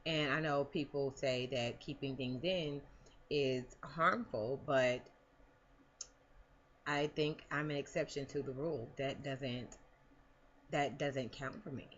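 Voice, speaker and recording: A woman's voice: very deep voice, steady tone, takes it slowly, fairly bright tone, muffled recording, slight background noise. A woman talking casually in a personal vlog, rambling with many fillers and restarts. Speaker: vlogger.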